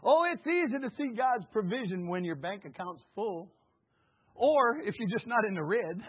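Husky-voiced preacher on a tinny broadcast. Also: male voice, high voice, animated, normal speed. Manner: fervent, rising to shouts and dropping to a hush; calls on the congregation to repeat after him. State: slightly hoarse. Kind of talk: sermon.

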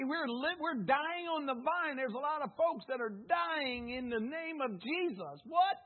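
A man preaching with a high, husky voice, urging the congregation to answer him back. His delivery jumps between loud exclamations and near-hushed asides. The audio sounds thin and phone-like. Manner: fervent preaching with call-and-response prompts to the congregation. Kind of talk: sermon. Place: church service.

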